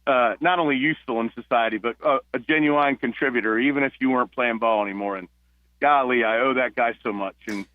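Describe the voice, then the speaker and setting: A man from New Jersey, a retired police officer, telling stories as a guest on a phone-in radio interview, with halting restarts. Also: mid-range voice, no room sound. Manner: warm storyteller, halting restarts. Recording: tinny phone line.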